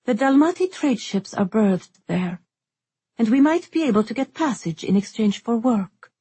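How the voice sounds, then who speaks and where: A woman voicing a calm, weary young woman who plans carefully, speaking in a measured, resigned way, in a storybook reading. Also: fairly high pitch, breathy edge, no room sound, pitched above the performer's own voice.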